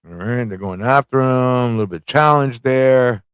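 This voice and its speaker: A man hosting a live comic review stream, excitable, laughing and slangy as he reacts. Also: mid-range voice, moderate pace, smooth, no echo, clean studio sound. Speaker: host.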